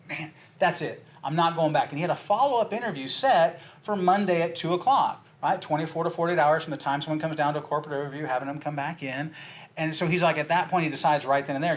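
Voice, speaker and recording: A man leads a sales training session and tells a true story to make his point. He acts out every character's lines with big swings in his voice. His voice sits a little high for a man. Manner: animated storyteller, acts out dialogue with big jumps in voice. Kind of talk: training talk with acted-out story.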